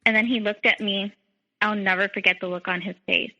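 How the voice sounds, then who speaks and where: Young woman guest, mid-pitched, fry in the voice, lots of "like", muffled recording. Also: steady tone, fairly quick, sharp tone, big-room sound. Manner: frequent "like", quotes others in dialogue. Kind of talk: telling her story in a podcast interview. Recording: dull lo-fi sound.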